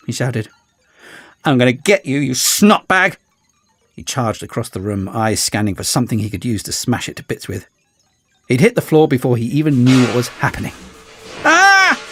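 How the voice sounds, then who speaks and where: A man reading an audiobook as narrator, in an expressive storytelling manner. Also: mid-range voice, slightly rough, no echo. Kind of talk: scripted narration.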